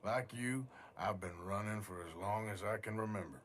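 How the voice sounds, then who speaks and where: A man playing a gruff, world-weary outlaw gunslinger in a video game cutscene, terse and guarded. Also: fairly low pitch, normal speed, a bit bright, a little hiss or hum, close to an everyday voice.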